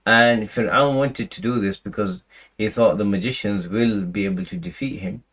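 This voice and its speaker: A man with a fairly low voice explains scripture in a loose, talky lecture. He restarts sentences, leans on "you know" and "right", and slips into Arabic recitation between explanations. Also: normal speed, fairly bright tone, low-quality recording. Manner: conversational, many fillers and restarts, recites Arabic verses. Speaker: Quran teacher.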